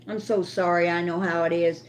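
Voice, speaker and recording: A woman's voice: lowish voice, fairly even intonation, moderate pace. An older woman hosting a casual livestream from home, chatting with viewers and talking to her dog as she cooks. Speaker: livestream host.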